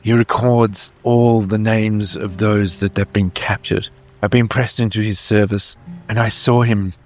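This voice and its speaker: A man's voice: lowish voice, steady tone, natural voice. A man playing a bitter grim woman survivor. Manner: scornful, bitter, measured. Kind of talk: playing a tabletop game character.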